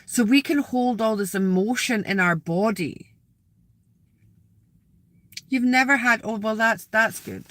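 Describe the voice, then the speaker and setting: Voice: medium pitch, expressive, measured pace, long pauses, sharp tone, no echo. A spiritual vlogger sitting outdoors in a graveyard, rambling casually to viewers, repeating words and asking them questions.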